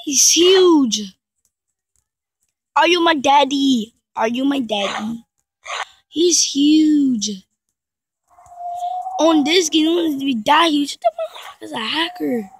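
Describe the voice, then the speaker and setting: High-pitched lady gamer, slow and loud, laughing and yelling at the game. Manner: excitable, exclaiming and laughing. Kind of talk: casual gameplay commentary.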